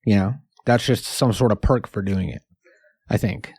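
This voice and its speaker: A man co-hosting a comedy podcast, joking in a deadpan, rambling way. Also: lowish voice, moderate pace, gravelly, breathy edge, dry recording, studio quality. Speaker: podcast co-host. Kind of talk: casual comedy chat.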